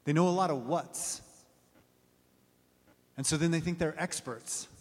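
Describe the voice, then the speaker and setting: Preacher in a reverberant hall. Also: male voice, a little slow. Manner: swells loud and high for emphasis, then drops low and quiet. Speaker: pastor. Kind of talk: sermon.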